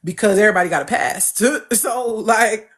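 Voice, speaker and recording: A woman hosting a casual podcast chat tells a story animatedly, putting on mocking quoted voices and laughing frequently. Her voice is medium-pitched at a normal speed.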